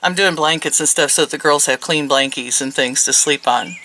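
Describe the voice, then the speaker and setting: Bright-voiced woman in her sixties rambling. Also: sits low, normal speed, a little hiss or hum, low-quality recording. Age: 60s. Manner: rambling, chuckling often. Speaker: vlogger. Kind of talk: casual chat.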